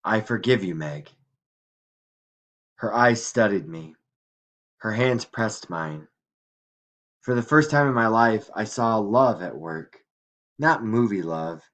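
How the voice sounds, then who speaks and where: Quiet, reflective male story narrator. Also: lowish voice, lively intonation, slow pace, pauses often. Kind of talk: audiobook reading.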